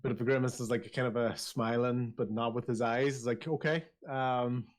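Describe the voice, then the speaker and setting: A man narrating a tabletop game as game master in a relaxed, casual way with hesitant fillers. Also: medium pitch, brisk.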